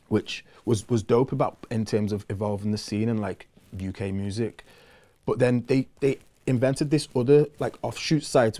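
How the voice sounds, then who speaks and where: A man, chatting casually as a musician guest in an interview, relaxed and loose with lots of fillers. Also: medium pitch.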